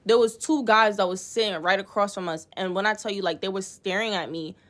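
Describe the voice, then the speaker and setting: A young woman recounts a bad date in a casual storytime, animated and exasperated, with frequent swearing. She acts out what others said as she goes. Her voice sits at an everyday pitch. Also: brisk. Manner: animated, profane, exasperated retelling with acted-out quotes.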